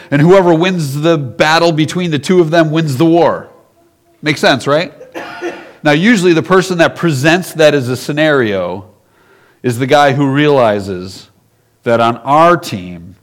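A man's voice: a little high, unhurried. A man, a pastor, giving a casual storytelling sermon, often laughing and acting out the characters.

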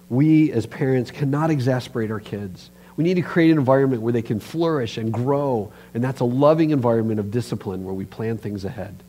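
A man preaching a sermon in church as pastor, animated and emphatic, speaking straight to his listeners. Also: mid-range voice, a little hiss or hum.

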